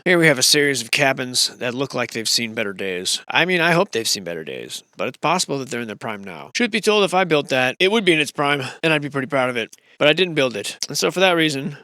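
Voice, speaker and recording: A man gives wry, rambling voice-over commentary in a bright, forward voice. His pitch swings widely as he jokes. The sound is close and dry. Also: no room sound. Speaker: voice-over narrator.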